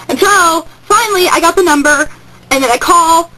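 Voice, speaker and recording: Hyper high-pitched teen girl vlogging. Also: measured pace, pushed and bright, low-quality recording. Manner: hyper, rambling, swings to squeals. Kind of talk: casual excited vlog storytelling.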